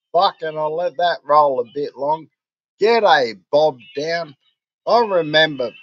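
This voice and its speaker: A drunk Australian man rambles through a casual livestream, cursing at every turn. He talks slowly and drawls his way from one thought to the next. The sound is dry and lo-fi, with no room echo. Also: a little high. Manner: rambling and heavily sweary. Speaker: livestream host.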